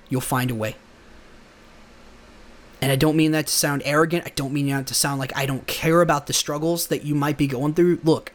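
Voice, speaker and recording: A young man hosting a podcast, talking through a casual motivational monologue in an earnest, rambling way with many restarts. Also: mid-range voice. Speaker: podcast host.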